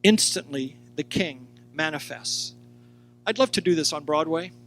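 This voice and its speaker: A man teaching a sermon, animated, acting out quoted lines and speaking straight to his listeners. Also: on the high side, unhurried, a little hiss or hum. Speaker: Bible teacher.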